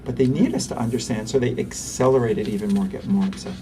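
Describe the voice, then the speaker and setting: A man, a pediatrician and interview guest, who talks animatedly and acts out quick voices for parents and toddlers. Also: mid-range voice, sing-song, recorded from a distance, background noise. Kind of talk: conversational interview.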